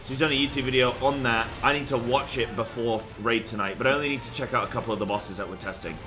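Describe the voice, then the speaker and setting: A man's voice: medium pitch, fast talker, music in the background. A young man chatting loosely on a game stream, rambling with fillers and the odd swear word. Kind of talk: casual live-stream chat.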